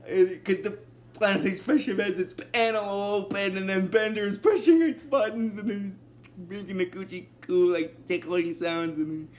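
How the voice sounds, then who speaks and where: A man with a high voice walks through a cartoon episode in a loose, casual recap. He rambles from one event to the next, leaning on "basically" and "and then." He laughs easily along the way. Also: normal speed, darkish tone. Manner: breaks into laughter.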